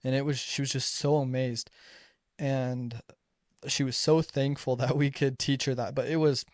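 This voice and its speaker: Young adult man, mid-pitched, dry close sound; chatty storyteller who acts out dialogue. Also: little pitch movement, moderate pace, no room sound. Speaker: returned missionary storyteller. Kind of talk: casual personal storytelling.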